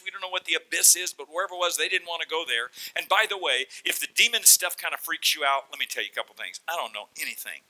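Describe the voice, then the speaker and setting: A man preaching a sermon, telling the story in an animated way and acting out the voices as he goes. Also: high-pitched, quick pace, few pauses, low-quality recording. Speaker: pastor.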